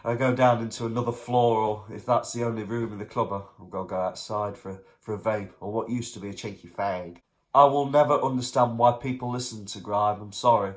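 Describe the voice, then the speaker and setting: A young man reviews songs in his vlog, ranting in a blunt, exasperated way and climbing into shouts when he gets worked up. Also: fairly low pitch, fairly even intonation, brisk. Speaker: vlogger.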